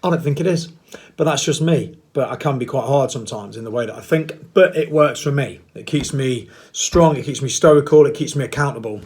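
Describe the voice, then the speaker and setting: A middle-aged man speaks in a loose, rambling way. He is blunt and mocks himself a little. His voice sits at a middling pitch. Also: brisk, darkish tone. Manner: rambling, blunt and self-mocking, with playful put-on voices. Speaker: vlogger. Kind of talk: casual monologue to camera.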